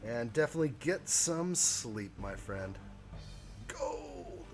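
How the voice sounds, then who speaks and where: A man's voice: mid-range voice, unhurried, faint music behind. A man hosting a live stream, chatting casually with viewers while he builds a model kit.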